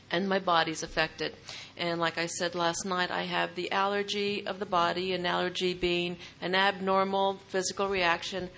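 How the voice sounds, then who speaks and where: A woman's voice: mid-range voice, fairly bright tone, slight background noise. A woman speaking at a recovery meeting, telling her own story earnestly and repeating phrases for emphasis. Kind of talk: personal testimony talk.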